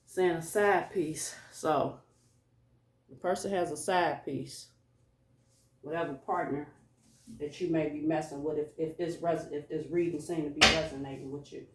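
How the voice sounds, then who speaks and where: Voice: mid-range voice, fairly even intonation, moderate pace, far from the mic. Informal tarot reader, loose and musing, recorded in a room with echo and faint background hiss. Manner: musing, informal, talks to a collective audience. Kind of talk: casual spoken tarot reading. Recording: echoey room, voice away from mic.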